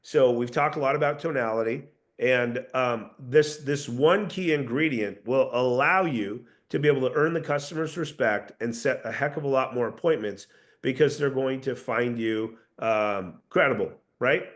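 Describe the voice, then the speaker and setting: A man's voice: mid-range voice, moderate pace. A man coaching a sales team in a casual, earnest talk, often restarting his sentences. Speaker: sales trainer.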